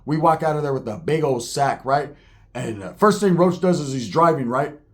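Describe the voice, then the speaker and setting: Male storyteller, profane and slangy, fairly high voice. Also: normal speed. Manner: profane, animated, street slang.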